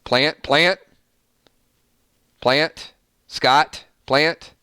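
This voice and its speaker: Bright, crisp-voiced man hosting a stream. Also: on the high side, drawn-out words, no echo, clean studio sound. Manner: playful, animated, reading out votes. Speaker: host. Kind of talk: live-stream music matchup chat.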